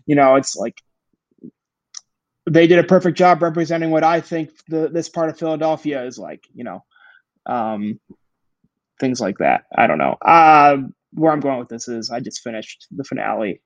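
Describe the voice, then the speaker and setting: A man's voice: fairly high pitch, moderate pace, no echo, dull audio. A young adult man co-hosting a podcast, chatting casually with a hesitant, filler-heavy delivery. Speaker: podcast co-host. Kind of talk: casual chat.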